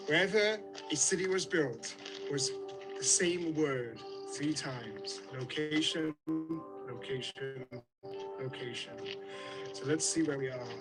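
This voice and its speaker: A man's voice: on the high side, poor audio. A British man leading an outdoor tour on a hilltop, jokey and enthusiastic, a little out of breath. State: slightly out of breath. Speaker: tour guide. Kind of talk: outdoor guided tour to camera.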